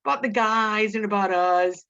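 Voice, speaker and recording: A woman's voice: mid-range voice, normal speed, fairly bright tone, voice pushed up, close to an everyday voice. A woman voicing a simple-minded, childlike big man who pleads and protests in a storybook reading. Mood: pleading. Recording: dull lo-fi recording.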